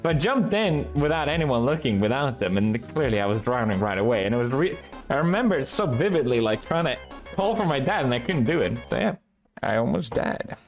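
A man's voice: medium pitch, sing-song, brisk, faint music behind. A young man from Sweden, giving casual, sarcastic and profane reaction commentary as a video host.

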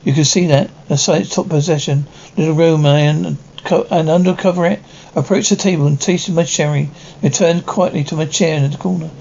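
Man voicing a consoling aunt, gently gravelly. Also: on the high side, steady tone, fairly quick. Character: sympathetic middle-aged aunt visiting the bereaved. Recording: dull, slightly noisy recording.

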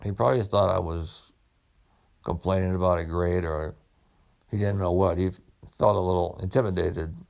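Deep gravelly man telling his story. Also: steady tone, darkish tone. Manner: unhurried, reflective, conversational. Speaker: former police officer turned medical student. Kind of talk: personal storytelling.

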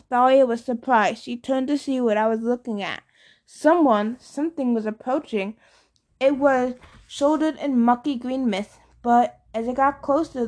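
An audiobook reader with a somewhat high voice narrates a novel in first person as steady storytelling. For shouted dialogue, she acts it out louder and at a higher pitch.

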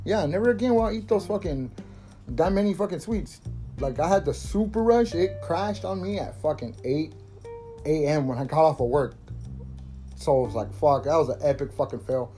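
A man's voice: on the high side, animated, normal speed, warm tone. Profane laid-back thirty-year-old guy. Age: 30s. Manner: profane, rambling, laughing. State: coughing from smoking. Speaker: podcast host. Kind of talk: casual stoner monologue. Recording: faint guitar music behind.

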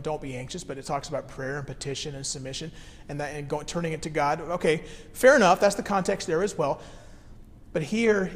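Male pastor, 30s, slightly high voice, relaxed sermon delivery, reverberant hall sound. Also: slight background noise. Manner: conversational, reads scripture then explains it plainly. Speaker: care pastor.

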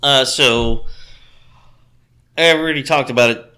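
A man co-hosting a casual podcast, rambling through retellings of movie scenes and often clearing his throat. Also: medium pitch, measured pace, sharp tone. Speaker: podcast co-host. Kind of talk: casual film chat.

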